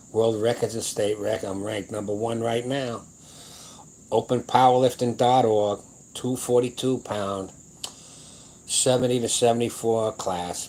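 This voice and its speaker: A gruff older man in his seventies with a very low voice, rambling on in a casual livestream. He talks in a blunt, boastful way and swears freely, with a faint hum of noise behind him. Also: darkish tone, rough recording. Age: 70s. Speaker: powerlifting channel host.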